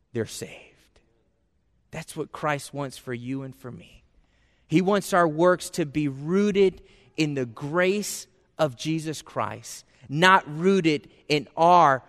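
A man preaching a sermon as pastor, earnest, moving between hushed lines and fervent outbursts. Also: high voice, big-room sound.

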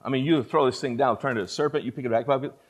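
A man voicing God as a calm, all-powerful male elder, speaking low and hushed with measured promises. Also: close to an everyday voice. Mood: promising.

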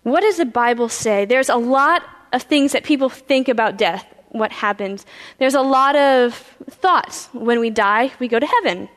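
A woman pastor telling a Bible story in a sermon, animated, acting out the characters' voices. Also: a little high, moderate pace, few pauses. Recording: reverberant hall.

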